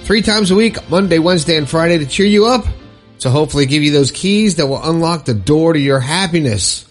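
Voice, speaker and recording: Man, podcast host, cheerful, chatty, slightly high voice, laughs often. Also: animated, fairly quick, faint music behind. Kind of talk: upbeat solo podcast talk.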